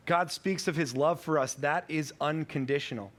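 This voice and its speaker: A man's voice: a little high, normal speed, fairly bright tone. A man in his thirties preaching a sermon as pastor, telling a family story conversationally and correcting himself as he goes.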